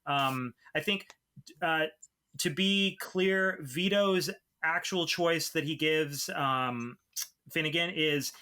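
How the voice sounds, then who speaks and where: Bright-voiced man analyzing a comic. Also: on the high side, takes it slowly, clean tone. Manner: articulate, analytical, swears freely. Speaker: podcast co-host. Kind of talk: casual chat.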